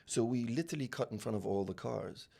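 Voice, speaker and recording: Speaking fast in a creaky, mid-range voice with a little hiss or hum in the recording, a man in his forties who grew up in the UAE tells stories as a podcast guest. The real estate founder animatedly acts out the dialogue in his anecdotes and restarts his sentences many times during the interview.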